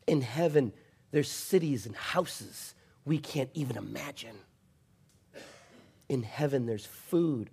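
A man preaching a sermon, swinging from passionate, shouted refrains down to a soft, intimate storytelling voice. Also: mid-range voice, slow, gravelly, pauses often, slightly rough. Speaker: pastor.

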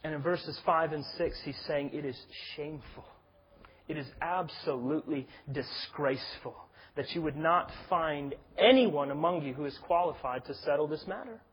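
A man's voice: on the high side, moderate pace, breathy edge, poor audio. A man preaching an expository sermon, earnest and building to emphatic stress. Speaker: pastor.

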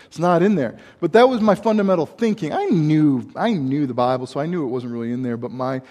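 A man's voice: a little high, expressive, a little fast, a little mellow. A middle-aged man preaching a sermon as pastor, in a loose conversational way with asides and restarts. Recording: long hall reverb.

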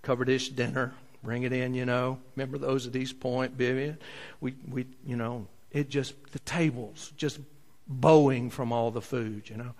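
Animated preacher man in a reverberant hall. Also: medium pitch, moderate pace. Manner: animated storytelling, swings from loud to soft. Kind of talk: sermon.

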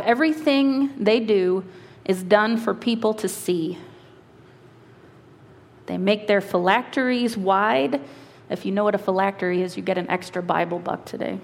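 A woman lead pastor preaching a sermon and reading scripture, earnest and slowing for emphasis, with quick asides. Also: medium pitch. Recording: long hall reverb.

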